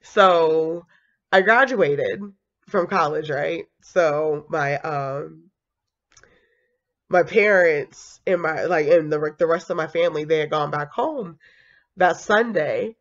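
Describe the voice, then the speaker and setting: A woman's voice: low-pitched, slow, dull audio. A young woman, a kindergarten teacher, chatting animatedly about her career with lots of fillers and laughs. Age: young adult. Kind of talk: casual storytelling vlog.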